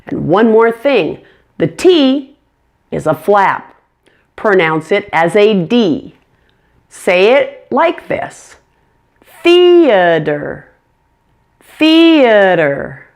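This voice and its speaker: A woman's voice: mid-range voice, very animated, slow. A woman teaching English pronunciation, speaking carefully and demonstrating each sound. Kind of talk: pronunciation lesson.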